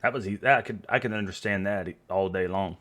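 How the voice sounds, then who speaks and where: Chatty Texan man, low voice. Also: fast talker, fairly bright tone, a little hiss or hum. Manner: rambling, chatty, laughs easily. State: tipsy. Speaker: reaction video host. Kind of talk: casual reaction commentary.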